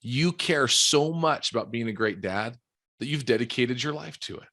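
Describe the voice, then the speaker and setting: Earnest, encouraging man of mid pitch. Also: moderate pace, pushed and bright. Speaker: podcast guest. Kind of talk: casual podcast conversation.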